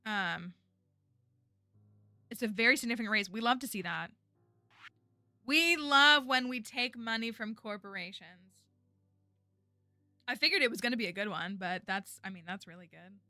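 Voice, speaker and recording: Woman streamer, casual game chat, rambling with fillers, crisp clear voice, faint music behind. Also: fairly high pitch, a little slow, pauses often, bright, forceful tone, no room sound. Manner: chatty, rambling, many fillers like "like" and "um".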